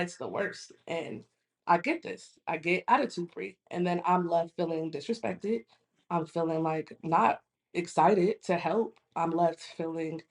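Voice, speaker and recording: A woman in her thirties telling a story in casual conversation, acting out what others said. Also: lowish voice. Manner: animated retelling, acting out quoted voices. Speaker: guest in a conversation.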